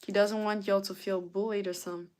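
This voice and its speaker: A woman's voice: medium pitch, little pitch movement, fast, a little mellow. A tired woman hosting a casual live stream, reading chat messages aloud and answering them. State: tired, yawning. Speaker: livestreamer.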